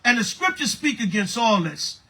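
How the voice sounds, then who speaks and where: Male priest, high bright husky voice, animated street-style sermon. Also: normal speed. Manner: animated, preaching with call-and-response.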